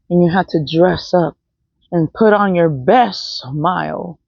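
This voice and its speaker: A woman's voice: sits low, dry recording. A woman talking in a blunt, profane, rambling unscripted monologue as a vlogger. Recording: dull, dry, lo-fi sound.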